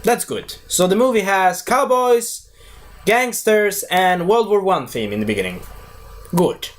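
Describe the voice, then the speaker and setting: A man's voice: sits high, lively intonation, a little slow. A man giving a casual spoken movie review, rambling, losing his thread and correcting himself as he goes.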